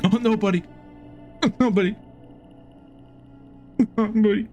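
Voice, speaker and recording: A man's voice: extremely high pitch, expressive, slow pace, lo-fi sound, faint music behind, voice pushed up, full character voice. A man voicing a confused, broken young male soldier in a tabletop game. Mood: dazed.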